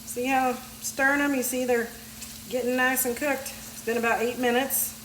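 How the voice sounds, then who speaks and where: Her high-pitched voice has a flat delivery at a moderate pace, with a little hiss or hum in the audio. She's a folksy, chatty home cook vlogger who laughs easily, frying at the stove in an echoey kitchen full of loud sizzling and stirring.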